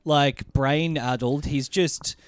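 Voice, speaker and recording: A man's voice: on the high side, steady tone, takes it slowly, clear, resonant tone, no room sound. A man co-hosting a podcast, chatting casually, often agreeing with yeahs. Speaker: podcast co-host. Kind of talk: casual chat.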